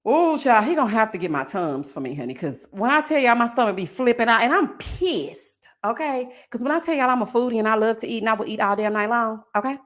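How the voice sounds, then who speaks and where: A woman in her forties hosting a live stream, chatting casually with her viewers and reading their comments aloud, sassy and animated, laughing often. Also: a little high, fast talker, hardly any pauses. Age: 40s. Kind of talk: casual chat.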